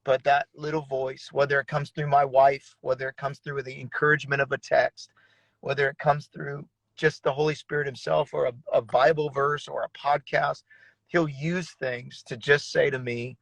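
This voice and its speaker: A man's voice: mid-range voice, level tone, moderate pace, gravelly, dry recording, low-quality recording. A man who is a pastor, sharing an earnest personal testimony in a casual, slangy conversation. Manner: earnest, casual, uses slang like bro and dude.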